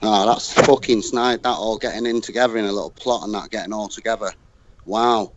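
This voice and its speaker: A man's voice: fairly low pitch, steady tone, brisk, dull audio, very noisy. A British man on a casual livestream call, ranting bluntly and swearing heavily. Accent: British English. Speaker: livestream guest.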